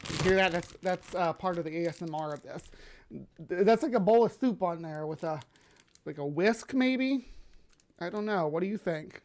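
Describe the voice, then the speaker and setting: A woman hosting a live stream in a bubbly, rambling, chatty way, her voice slightly hoarse from sinus drainage. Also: lowish voice, expressive, moderate pace, darkish tone, slight background noise. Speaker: livestream host. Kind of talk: casual live-stream chat. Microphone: webcam setup.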